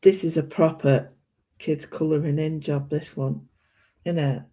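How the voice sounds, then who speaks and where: A woman's voice: low-pitched, steady tone, a little slow, warm tone. A British woman chatting casually and rambling while she colours, often correcting herself. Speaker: art vlogger. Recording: dull lo-fi sound.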